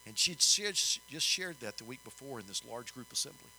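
An older man telling a story in a sermon, folksy and animated, rising in emphasis. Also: medium pitch, normal speed, a little hiss or hum, low-quality recording. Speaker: preacher.

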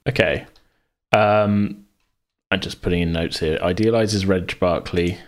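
Brief: low-pitched male game master, halting and chuckly, on a voice call. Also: steady tone. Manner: hesitant, with frequent laughs and restarts. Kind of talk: planning a tabletop role-playing campaign. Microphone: online voice call.

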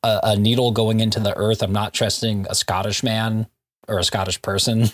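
A man's voice: lowish voice, level tone, moderate pace. A man co-hosting a comic book podcast, recapping issues in a casual, jokey way with frequent laughs and asides. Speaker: podcast co-host.

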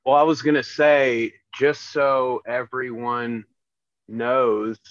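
A man on a podcast talking in casual chat, with a slight lisp from missing teeth and a halting way of speaking full of fillers. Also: mid-range voice, little pitch movement, no room sound. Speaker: returning podcast guest. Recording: dry, dull lo-fi sound.

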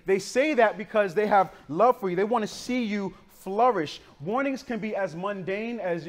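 Man, pastor, high-pitched, conversational sermon, streetwise slang, lively storytelling, from the northern US. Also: a little fast, few pauses. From northern United States.

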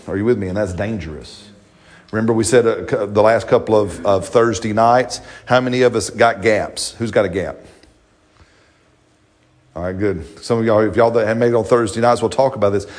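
Low-voiced preaching man, conversational. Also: darkish tone. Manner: conversational, jokey, repeats and restarts, asks the congregation questions. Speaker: pastor. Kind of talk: sermon.

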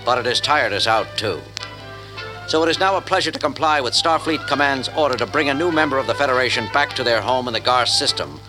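A man's voice: mid-range voice, close to an everyday voice. A man doing an earnest starship captain. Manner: formal, courteous narration. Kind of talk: captain's log narration and dialogue. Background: music.

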